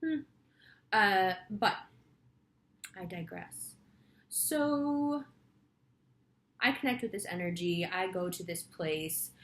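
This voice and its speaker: A woman's voice: mid-range voice, expressive, takes it slowly, pauses often, a bit bright. Chatty woman in an echoey room. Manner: chatty, rambling, swears freely. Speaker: astrology reader. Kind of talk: casual storytelling monologue.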